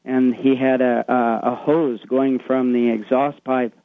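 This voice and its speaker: Over a thin, tinny phone line, a man phones a radio show and meanders through a secondhand ghost tale, slipping into eerie voices whenever he quotes someone. He speaks unhurriedly at medium pitch with a level tone, and there's no room sound.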